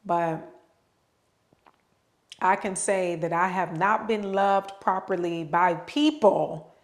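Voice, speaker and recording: A woman's voice: lowish voice, slow pace. A woman with children giving an unscripted motivational talk, speaking straight to the listener, repeating words for stress and drawing out her words. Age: adult with children. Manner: preachy, direct address to listener.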